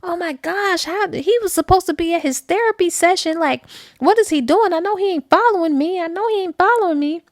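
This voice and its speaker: A woman puts on a caught-out wife, flustered and pleading. The voice sits fairly high and sounds dry and close. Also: slow, creaky, dry recording. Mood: panicked. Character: panicked cheating wife, adult woman.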